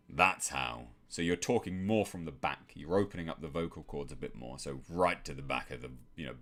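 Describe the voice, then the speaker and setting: A young man from England hosting a live stream, calmly reading out viewer messages and answering them in a measured way. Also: rumbling low.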